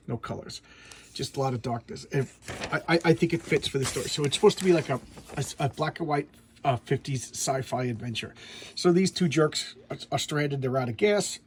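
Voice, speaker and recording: A man's voice: mid-range voice, a little hiss or hum. A man casually reviewing a comic book at home, talking in a chatty way with many stumbling restarts.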